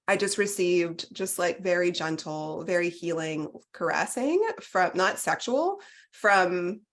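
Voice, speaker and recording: Guesting on a podcast, this forties-aged woman who attended a retreat tells a frank personal story, gushing and chatty with plenty of "like" and "you guys." She speaks unhurriedly in a lowish voice with lively intonation.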